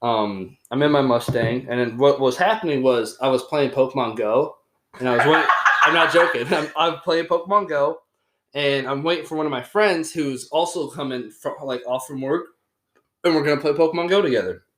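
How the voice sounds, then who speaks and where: A man's voice: mid-range voice, normal speed, background noise. A young man, telling a story as a podcast host in casual, rambling chat full of fillers and swearing. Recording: roomy echoey room.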